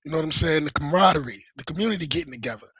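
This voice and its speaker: Brief: fired-up male livestream host, bright and husky, swearing a lot. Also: on the high side, rapid-fire, no echo. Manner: heated, profane, animated. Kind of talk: casual livestream rant.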